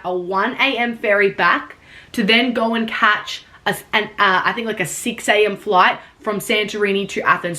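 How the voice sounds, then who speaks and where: A woman's voice: a little high, sharp tone. A young adult woman vlogger telling a rambling story in casual chat, saying "like" constantly and swearing casually.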